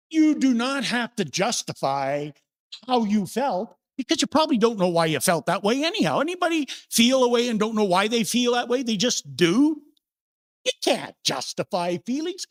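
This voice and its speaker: In a church sanctuary, an older man delivers a sermon as the minister, relaxed and homespun, drawing on tales from his own life. He speaks a bit high, with big swings in pitch whenever he questions the congregation.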